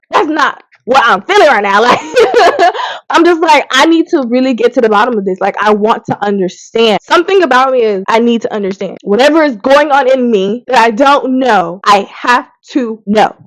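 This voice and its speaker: A woman talking candidly in a casual confessional vlog, emphatic and swinging between loud and hushed. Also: a little high, no echo, low-quality recording. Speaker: faith vlogger.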